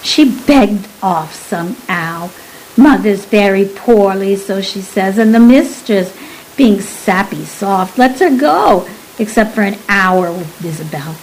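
A woman's voice: medium pitch, expressive, slow pace, darkish tone, a little hiss or hum, rough recording. A woman doing a sullen nanny. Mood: glum. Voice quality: rough working-class speech, clipped and sulky. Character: sullen young Victorian nanny Jane, sly and cruel.

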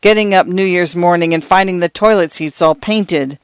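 A man's voice: high voice, normal speed, clean tone, no echo. A man voicing a weary, cold male priest in his fifties who speaks in a dry, curt way. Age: 50s.

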